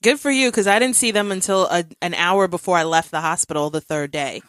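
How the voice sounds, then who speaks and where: A woman's voice: fairly low pitch, a little fast, a bit bright, no room sound. A woman hosting a podcast in casual chat, giving supportive listening sounds and sharing her own experience. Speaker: podcast host. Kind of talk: casual conversation.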